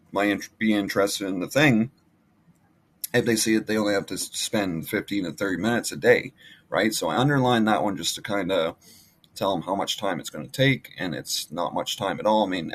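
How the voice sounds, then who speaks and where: Man, low voice, casual vlog talk, rambling, lots of ums and restarts. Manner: rambling, many fillers and restarts. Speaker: online marketing vlogger. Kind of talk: casual screen-share walkthrough.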